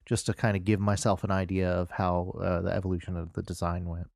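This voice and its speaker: A man co-hosting a casual podcast, laid-back and wry, quick with a joke. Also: low voice, little pitch movement, gravelly, darkish tone, no room sound, clean studio sound. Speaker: podcast co-host.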